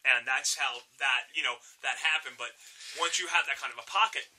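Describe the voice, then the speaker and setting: A man's voice: mid-range voice, normal speed, sharp tone, slight background noise, poor audio. A man appearing as a guest musician on a radio show, talking bluntly and opinionatedly and swearing heavily in casual studio chat.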